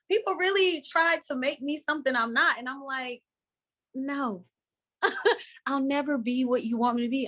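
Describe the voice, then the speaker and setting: A woman's voice: a little high, fairly bright tone. A woman from Florida with a Southern accent, an actress talking emphatically and laughing often in a live online interview. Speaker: actress guest. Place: online video call.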